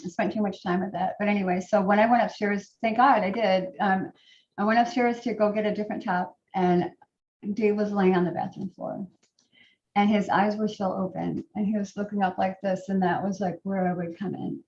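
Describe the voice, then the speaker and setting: A middle-aged woman telling a personal story to a group, in a halting way with many fillers and restarts. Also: medium pitch, fairly even intonation, a little mellow, a little hiss or hum. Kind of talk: personal testimony talk. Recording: roomy, distant, dull sound.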